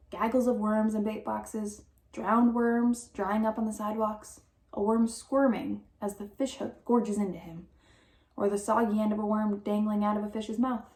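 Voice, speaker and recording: A woman's voice: medium pitch, darkish tone, close to an everyday voice. A woman voicing a squeamish, fretful boy named Billy in a storybook reading. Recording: roomy echo.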